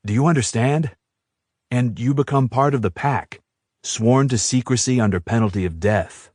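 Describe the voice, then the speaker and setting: A man reading an audiobook who voices a fierce, protective young shifter man, low and earnest. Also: normal speed, darkish tone, no room sound, clean studio sound, natural voice.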